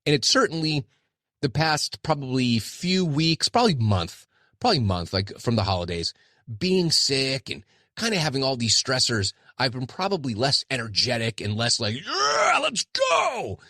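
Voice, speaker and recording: Middle-aged man, solo podcast host, self-deprecating, casual ramble, animated voice, dry sound. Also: mid-range voice, normal speed, no echo.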